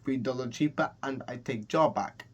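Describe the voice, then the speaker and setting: A man's voice: medium pitch, normal speed, husky, natural voice. A man doing a blunt old-world pickle seller. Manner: broken clipped English.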